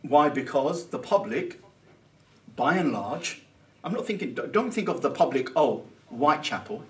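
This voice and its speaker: An Islamic teacher gives an informal Sunday talk at an Islamic centre, thinking aloud conversationally and mixing in Arabic phrases. His slightly high voice is very animated yet unhurried, and it's picked up from some distance from the mic.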